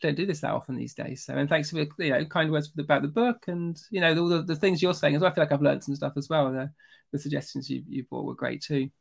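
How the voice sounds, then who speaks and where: A British man, a guest author, chatting casually on a video call, with quick talk full of halting restarts. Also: on the high side, vocal fry. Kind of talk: casual interview chat.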